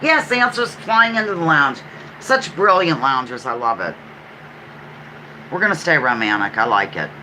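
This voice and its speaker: Woman, Pennsylvania accent, live trivia host. Lively, animated delivery, chatty and self-correcting. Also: low voice, slight background noise, rough recording. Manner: chatty, self-correcting, repeats clues slowly. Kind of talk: casual live trivia chat.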